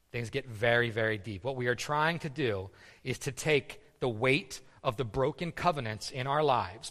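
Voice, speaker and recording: A man's voice: mid-range voice, sharp tone. A man preaching a sermon in a casual, conversational way, often repeating words and using fillers. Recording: long reverb of a hall.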